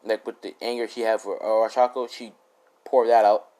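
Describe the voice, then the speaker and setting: A man's voice: on the low side, little pitch movement, normal speed, dark tone. A young man casually retelling a fan story in a rambling, profane way full of fillers.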